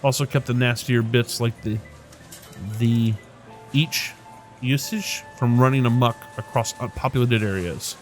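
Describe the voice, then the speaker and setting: A gruff ex-ranger woman with an Irish lilt, blunt and wry, full of folksy slang, as a man puts her on. She speaks at a middling pitch over faint game music in the background. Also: fairly even intonation, unhurried, lightly acted. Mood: chatty. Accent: Irish, put on.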